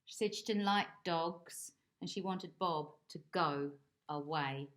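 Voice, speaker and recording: A woman reading a children's picture book aloud in an expressive, animated way. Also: fairly low pitch, slow pace. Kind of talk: children's storybook read-aloud.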